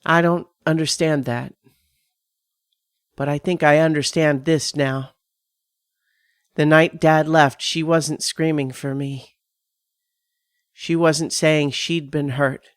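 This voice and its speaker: Woman doing slow dramatic horror narration, close mic, totally dry sound, takes her time. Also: deep voice, fairly even intonation, dry recording. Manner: measured, dramatic first-person reading. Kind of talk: scripted horror story narration.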